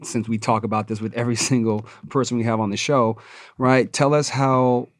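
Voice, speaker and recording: A man's voice: mid-range voice, level tone, brisk, dry recording. A man co-hosting a casual interview, asking questions in an affirming, encouraging way. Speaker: podcast co-host. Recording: dry studio sound.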